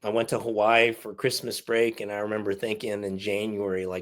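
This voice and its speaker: A man's voice: on the low side, flat delivery, brisk, few pauses. A man in his forties, an army veteran and podcast guest, telling his story in a frank, profane way and laughing through the hard parts. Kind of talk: candid interview storytelling.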